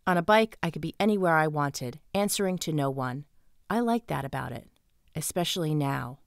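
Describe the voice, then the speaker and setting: Woman reading an audiobook, low voice, dry close sound, steady storytelling. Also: moderate pace, vocal fry, no room sound. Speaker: audiobook narrator. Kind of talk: scripted first-person narration.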